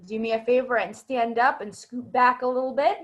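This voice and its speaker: A woman's voice: on the high side, fairly even intonation, brisk, lo-fi sound. A woman acting coach giving patient, encouraging feedback to students in an online class over a video call. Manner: encouraging, patient, explains at length. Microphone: video call microphone.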